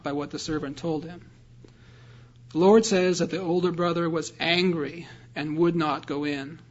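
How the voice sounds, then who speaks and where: A man's voice: fairly high pitch, dull audio. A man preaching a sermon, explaining a scripture passage earnestly and reading verses aloud. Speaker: pastor.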